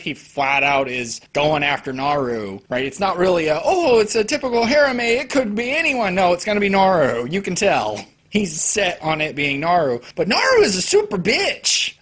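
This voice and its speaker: A young man giving a casual, profane and sarcastic anime review, now and then bursting loud as he mimics characters. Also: on the high side, slightly rough.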